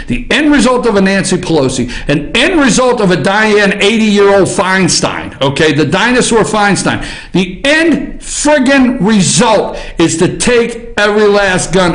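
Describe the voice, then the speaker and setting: Speaking from an office, a man hosts an opinionated political news commentary show, ranting bluntly and emphatically and swearing freely. His voice is high with a fairly bright tone. The audio is poor and reverberant.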